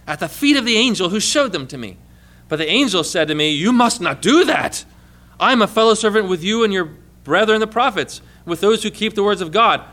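Bright high-voiced male preacher. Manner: asks the congregation questions and prompts answers; reads scripture aloud with emphatic stress. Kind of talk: sermon.

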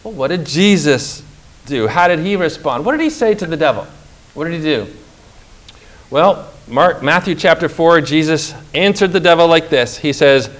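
A middle-aged man preaching a sermon, emphatic and slow, with dramatic pauses and rhetorical questions. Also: a little high, lively intonation.

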